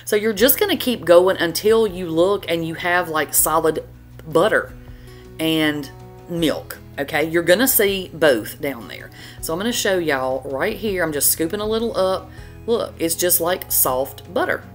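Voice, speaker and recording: A woman's voice: fairly low pitch, animated, measured pace, soft background music. A middle-aged woman, hosting a cooking channel in a chatty, folksy voiceover. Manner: chatty, folksy, says y'all a lot. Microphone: voiceover mic.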